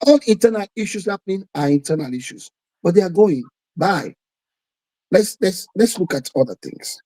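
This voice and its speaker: Emphatic Sierra Leonean man, fairly high. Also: lively intonation, normal speed, warm tone, rough recording. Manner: emphatic and repetitive, mixing in Krio phrases. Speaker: guest. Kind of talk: political discussion.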